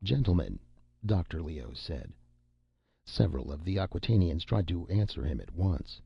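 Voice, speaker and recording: A man narrating an audiobook in a measured, steady reading style. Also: low voice, gravelly, husky, no room sound. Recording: dull lo-fi recording.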